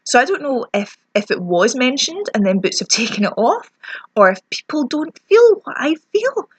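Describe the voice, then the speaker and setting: A woman's voice: sits high, sing-song, normal speed, husky, no room sound. A young Scottish woman ranting chattily through a lip product review, self-mocking as her lips sting. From Scotland. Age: young adult. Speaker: beauty vlogger.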